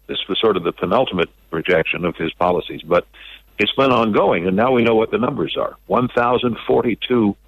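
A man giving opinionated political commentary as a radio guest, measured and repeating words as he builds his points. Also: lowish voice, no room sound. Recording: dull lo-fi radio audio.

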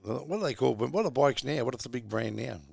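A man's voice: medium pitch, lively intonation, fast, vocal fry, a little mellow, husky, no room sound, clean studio sound. A middle-aged Australian man hosting a podcast, chatting in a laid-back, rambling way and calling his co-host mate. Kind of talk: casual chat.

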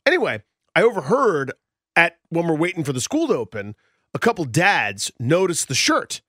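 A man's voice: on the high side, moderate pace, no echo, clean studio sound. A man co-hosting a sports radio show, telling a story casually and acting out the people in it. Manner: animated storyteller, acts out quoted voices.

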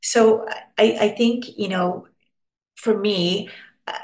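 An American woman from Pennsylvania, appearing as a podcast guest, chats expressively in a casual interview with a mid-range voice, taking it slowly. She acts out little quoted voices, and the recording has a roomy echo.

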